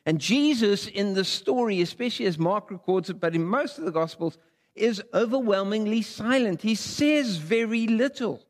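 A male preacher with a fairly high voice delivers a sermon, and his voice carries a long reverb from a large sanctuary. He reads scripture dramatically, rising high and dropping low in his voice. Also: expressive, moderate pace. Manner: dramatic scripture reading with big pitch swings. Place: church sanctuary.

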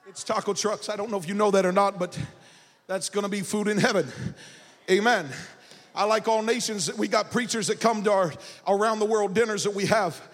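A male pastor preaching a sermon in a church sanctuary. He moves between a chanted "uh" cadence and shouting, then drops to low, chatty stories. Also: long reverb tail.

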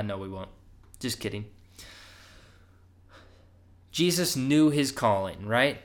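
Young man preaching on a podcast, casual and conversational, gets emphatic when urging. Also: medium pitch. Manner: conversational, often asks "right?", rises emphatically when urging.

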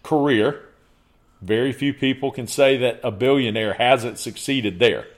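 A man's voice: medium pitch, measured pace. A man as a podcast guest in casual conversation, laying out his points in emphatic lists and checking in with "okay".

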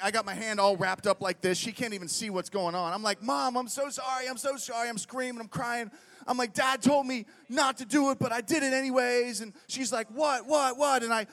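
A middle-aged man from Pittsburgh, giving a humorous storytelling sermon at a festival. He is animated, quizzes the crowd with frequent questions, and fills his talk with "like" and "right?". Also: high-pitched. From Pittsburgh, United States. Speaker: festival speaker. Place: large festival stage. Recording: long reverb from a large venue.

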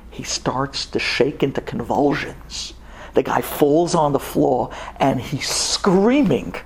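A man telling a dramatic story in an animated way, dropping in Hebrew words. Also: mid-range voice, noisy background.

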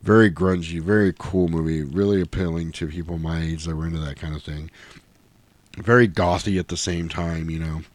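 A man's voice: sits low, steady tone, brisk, dry recording. A middle-aged man co-hosting a podcast, recapping a film in a rambling, casual way and acting out lines in voices. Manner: rambling, quoting scenes in voices. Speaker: podcast co-host. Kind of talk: casual movie recap chat.

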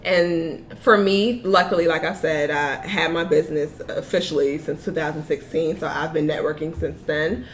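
A young woman, a small business owner, chatting casually as an interview guest, animated and laughing often. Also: sits low, moderate pace, few pauses, slight background noise.

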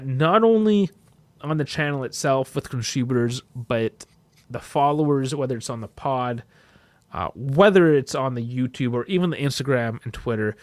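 A man co-hosting a casual podcast, talking in an animated way that jumps loud and high when he gets excited. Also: no echo. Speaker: podcast co-host.

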